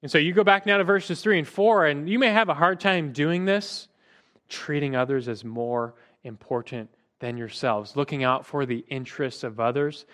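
A man with a slightly high voice leads a Bible class. He speaks earnestly, stopping to put questions to the group and often repeating a word as he goes. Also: moderate pace, fairly bright tone. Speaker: Bible teacher.

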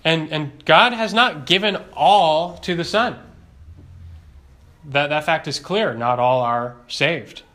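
A man's voice: fairly high pitch, animated, slow, pushed and bright. A man teaching a doctrinal Bible lesson, emphatic, asking rhetorical questions and repeating key phrases.

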